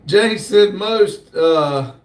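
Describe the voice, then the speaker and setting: A man hosting a casual livestream, slowly reading viewer comments aloud in a drawl. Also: high voice. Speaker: livestream host reading chat. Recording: echoey room, distant mic.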